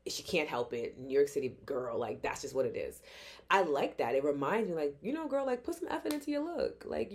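A young adult woman hosts a solo podcast in a casual, heartfelt way. Her voice sits a little low for a woman. She talks with earnest, expressive energy and drops the odd swear word. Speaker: podcast host.

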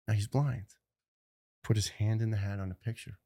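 Earnest gravelly-voiced firefighter telling stories. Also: male voice, lowish voice, warm tone. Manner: earnest, halting with restarts. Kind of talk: personal storytelling speech.

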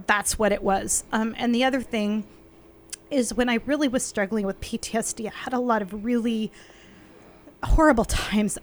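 Woman, faith podcast chat, effusive, emotional, laughs often, fairly high voice.

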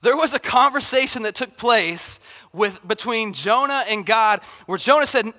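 Bright-voiced man preaching casually. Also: very high voice, moderate pace. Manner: casual and animated, acts out Bible figures. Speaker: pastor. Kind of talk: sermon. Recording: long hall reverb.

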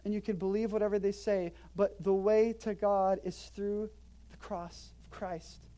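A woman's voice: mid-range voice, a little slow. A woman preaching an expository sermon in a church, talking conversationally and emphatically, with joking asides. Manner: emphatic, lively delivery. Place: church in Hawaii.

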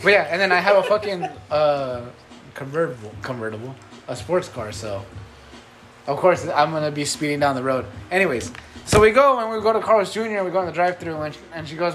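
Young guy, kinda high voice, rambling swear-y story on a podcast, faint hiss. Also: expressive, brisk, fairly bright tone, rough recording. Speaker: podcast co-host. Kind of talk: casual chat.

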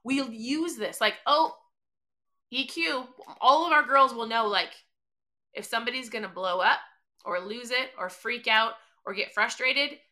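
A middle-aged woman hosting a podcast, giving an energetic motivational talk and acting out bits of dialogue. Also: a little high, normal speed. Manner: energetic, emphatic, acts out quoted dialogue. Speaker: podcast host.

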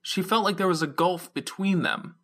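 A man reading a fan-made audiobook chapter aloud as narrator in a steady, even storytelling manner. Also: high voice, moderate pace. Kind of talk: scripted narration.

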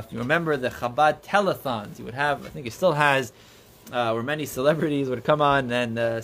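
Guy teaching religious stories, earnest and halting, slightly higher voice. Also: fairly bright tone. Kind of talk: storytelling talk.

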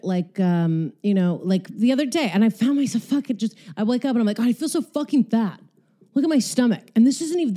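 A woman's voice: mid-range voice, dark tone. Breathless, profane woman talking casually. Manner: candid, profane, rambling. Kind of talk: casual monologue while exercising.

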